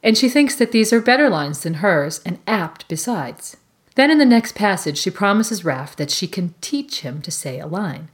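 A woman co-hosting a podcast, reading out a measured, prepared analysis of a novel. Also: mid-range voice, very animated.

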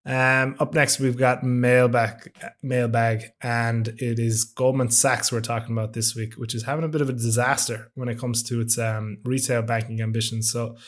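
A man hosting a podcast, introducing segments and newsletter plugs in a relaxed, joking way. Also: medium pitch, moderate pace, hardly any pauses. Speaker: podcast host.

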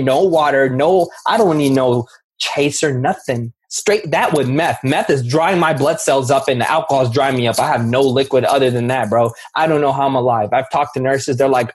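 A man's voice: medium pitch, breathy edge. A man sharing his personal recovery story in candid, emphatic talk. He often says "bro" and restarts his sentences.

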